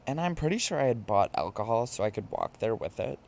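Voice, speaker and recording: A man hosting a podcast, telling a drunken night-out story in a campy, animated, casual way. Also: medium pitch, brisk, vocal fry. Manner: campy and animated, mimics voices in quotes. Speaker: podcast host. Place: New York.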